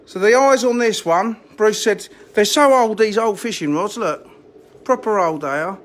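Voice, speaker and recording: A rambling, chatty man live streams on a handheld phone. His voice sits high for a man, and a faint hum of noise runs behind him. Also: moderate pace, fairly bright tone. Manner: chatty, rambling, self-mocking. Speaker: fishery owner live streaming. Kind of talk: casual live-stream chat. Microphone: phone camera held in hand.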